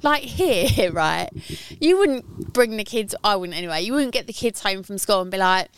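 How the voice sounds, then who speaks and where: A chatty woman co-hosting a casual podcast, rambling through her stories with plenty of fillers. Her voice is smooth and clear, recorded outdoors in a garden. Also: mid-range voice, lively intonation, normal speed. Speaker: podcast co-host. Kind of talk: casual chat.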